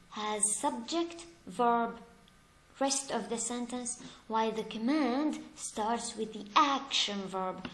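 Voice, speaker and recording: Slow, emphatic woman teacher in an echoey room. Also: fairly high pitch. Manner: asks the class questions and answers them herself; lively, stresses examples with rising emphasis. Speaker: English grammar teacher. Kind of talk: slow, deliberate classroom explanation.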